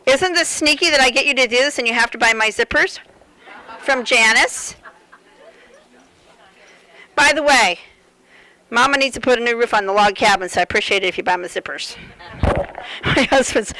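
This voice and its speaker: A middle-aged woman runs a live sewing seminar for a fair audience, telling rambling, joking stories while she works. Her high voice is brisk, pushed, and bright, broken by long pauses, on a rough recording.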